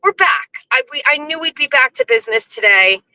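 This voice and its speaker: A woman's voice: high voice, animated, a little fast, pushed and bright, dry recording, poor audio. A woman hosting a morning show, chatty and self-mocking, greeting viewers by name with lots of fillers. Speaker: host.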